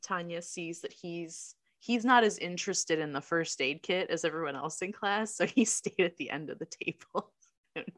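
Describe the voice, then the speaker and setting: A woman's voice: fairly low pitch, moderate pace. A woman co-hosting a casual chat, wryly recapping a movie plot and laughing often. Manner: lively, wry, laughs often. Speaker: podcast co-host.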